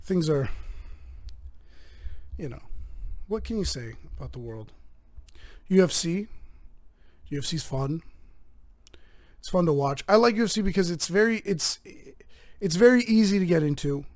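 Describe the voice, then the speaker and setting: A man's voice: high voice, no echo. A man hosting his own show, delivering a rambling, profane comedic monologue. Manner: rambling, profane, animated rants. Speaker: host.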